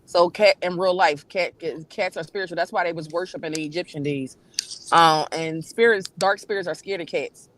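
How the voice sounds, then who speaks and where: A woman's voice: on the low side, normal speed, a little hiss or hum. A woman, a panel guest in a casual livestream chat, talks in an emphatic, preachy and blunt way with some swearing. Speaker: guest on a spiritual talk panel.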